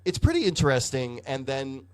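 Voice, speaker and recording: Animated, swearing podcast co-host man. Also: medium pitch, brisk, clear, resonant tone. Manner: animated, profane storytelling with hedging fillers. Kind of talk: casual comic book review chat.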